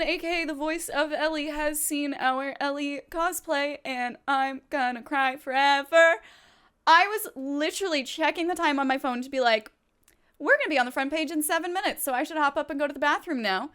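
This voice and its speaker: A young woman streaming a video game, chatting directly to her viewers in a chatty, excitable way. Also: high-pitched, normal speed. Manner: chatty, addresses chat directly; excitable, gushing. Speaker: Twitch streamer. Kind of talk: casual live-stream chat while gaming.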